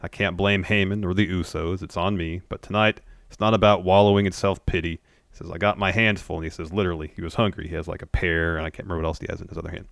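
Deep-voiced man recapping matter-of-factly. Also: steady tone, quick pace, gravelly, fairly bright tone, no echo, studio quality. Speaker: podcast co-host. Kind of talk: casual recap chat.

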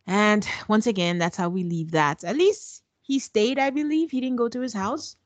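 A woman co-hosting a podcast, recapping a reality show in a sarcastic, animated, chatty way. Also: medium pitch, normal speed, dry recording. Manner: sarcastic, animated storytelling with acted quotes. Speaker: podcast co-host. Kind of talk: casual recap chat.

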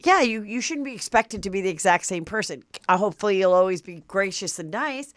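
A woman's voice: medium pitch, animated, brisk, no echo, studio quality. A woman hosting a podcast, chatting casually in a loose way with lots of "like" and "um". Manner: loose, filler-heavy talk. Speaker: podcast host. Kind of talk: casual chat.

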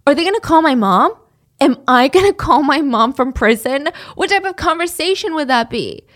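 A woman's voice: sits high, expressive, a bit bright, voice pushed up. Woman doing a panicky young schoolgirl. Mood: panicked. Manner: anxious, rushed.

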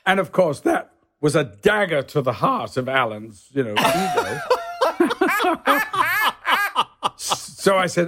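Brief: male guest, raconteur, animated delivery with a slightly high pitch. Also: slow pace, pauses often. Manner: lively, breaks into impressions, swears freely. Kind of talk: anecdotal storytelling.

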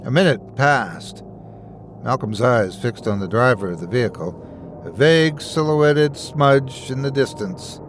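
A man narrating a horror story in a measured, suspenseful way. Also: medium pitch, animated, soft background music.

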